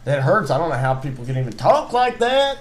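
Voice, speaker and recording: A man's voice: a little high, very animated, a little fast, slight background noise. A man co-hosting a podcast, ranting in casual chat while hamming up a put-on Southern twang, riffing and repeating himself with some profanity. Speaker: podcast co-host.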